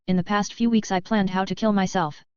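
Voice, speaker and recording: A woman's voice: medium pitch, fairly even intonation, brisk, a little mellow, clear, resonant tone, no room sound, muffled recording, close to an everyday voice. A woman reading a guilt-ridden young warrior who speaks with remorse and pleads. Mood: remorseful.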